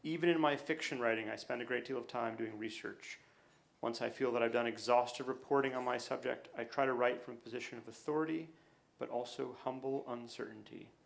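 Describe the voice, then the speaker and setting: Gravelly man hosting a stage show. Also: medium pitch, steady tone, a little fast. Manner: reads from notes, with small slips. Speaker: show host. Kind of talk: introducing speakers. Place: small club stage.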